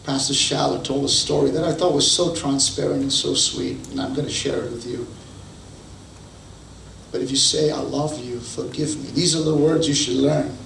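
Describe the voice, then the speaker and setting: A male pastor preaches a sermon and brings his stories to life by acting out each quote. His voice has a gravelly edge and sounds distant, caught by a far-off mic in an echoey hall with a faint hum behind it. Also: medium pitch, steady tone, moderate pace, a bit bright. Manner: storytelling, acts out quotes. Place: church hall.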